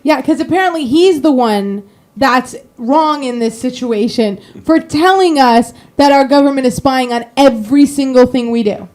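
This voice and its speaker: A woman's voice: sits high, moderate pace, a little mellow. A woman co-hosting a political talk show. She argues her case point by point. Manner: argumentative, reasoning point by point. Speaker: co-host.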